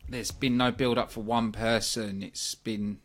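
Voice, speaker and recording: A British-accented man hosts a wrestling review podcast, chatting casually and giving blunt opinions with lots of ums and asides. His voice sits on the low side with a fairly bright tone, fairly even intonation, and a slightly slow pace.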